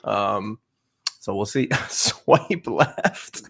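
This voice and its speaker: A man's voice: on the low side, animated, very slow, gravelly, a bit bright, breathy edge. A man from Canada hosting a casual livestream chat, joking and loose with lots of fillers. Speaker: livestream host.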